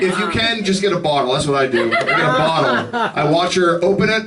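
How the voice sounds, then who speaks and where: A male comedy host does crowd work on a club stage in a loose, casual way and swears a lot. His voice is fairly high. He is picked up from afar, and a very loud crowd fills the room. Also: sing-song, fairly quick. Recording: distant mic with very loud crowd.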